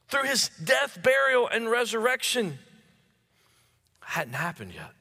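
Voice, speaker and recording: Male preacher, high bright voice, stammering repeats, sinks to hushed tones, long church reverb. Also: very animated, measured pace. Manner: stammering restarts, repeats words while building emphasis; drops to low hushed tones for key phrases. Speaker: pastor. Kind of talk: sermon.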